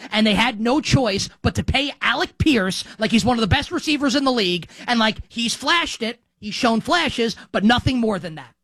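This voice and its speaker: A man's voice: very high-pitched, expressive, moderate pace, few pauses, fairly bright tone, dry recording. A man hosting a sports talk show, delivering an opinionated commentary monologue with heavy use of "like".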